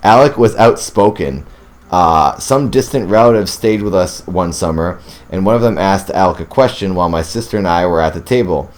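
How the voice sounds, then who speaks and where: A man's voice: low-pitched, moderate pace, darkish tone. A man who hosts a ghost story show, reading a first-person account aloud and now and then breaking off to react. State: teary and sniffling. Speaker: host reading ghost stories. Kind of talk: story reading with excited asides.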